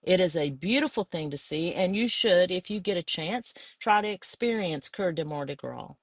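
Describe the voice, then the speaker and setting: A middle-aged woman with a South Louisiana accent talks in a casual, meandering way, fond and chatty. Her voice sits low, and the recording is close and dry with no room sound. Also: animated, normal speed, no echo. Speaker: crafter. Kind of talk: casual craft flip-through.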